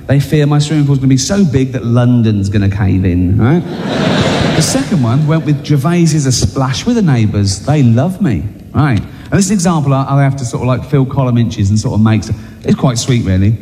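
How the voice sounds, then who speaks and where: Mellow chatty comedian man. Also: mid-range voice, lively intonation, moderate pace, big-room sound. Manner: chatty, self-mocking, tags lines with "right?". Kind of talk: anecdotal chat on stage.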